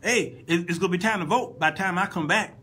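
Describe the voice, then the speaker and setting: A man's voice: high-pitched, fast talker, bright, forceful tone, breathy edge, rough recording. A man hosting an informal Sunday school Bible lesson in a conversational way, often repeating and restarting words and making playful asides to his listeners.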